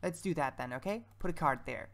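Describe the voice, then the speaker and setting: Female let's-play creator, low gravelly voice, casual chatty commentary. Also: animated, brisk, fairly bright tone. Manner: thinks aloud, chatty and self-mocking.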